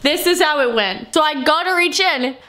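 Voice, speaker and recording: A woman in her twenties telling a joking storytime for her vlog in an animated way. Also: sits high, moderate pace. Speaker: vlogger. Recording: echoey room.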